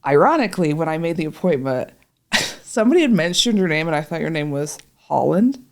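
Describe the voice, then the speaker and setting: A woman spins a long, profanity-laced story, jumping into the voices of the people in it. Her voice sits a little low but swings widely in pitch as she goes. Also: a little fast. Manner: profane, animated, acts out voices in quotes. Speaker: podcast guest, patient. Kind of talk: casual storytelling chat.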